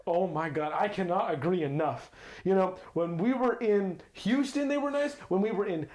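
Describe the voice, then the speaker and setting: A man's voice: high-pitched, normal speed, a little mellow. A man co-hosting a casual travel podcast, chatty, stammering and laughing easily. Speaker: podcast co-host. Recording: echoey room.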